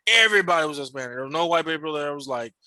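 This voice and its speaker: A man telling stories in a casual podcast chat, animated and profane, acting out the voices of people he met. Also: fairly high pitch, very fast, dry recording. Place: podcast studio.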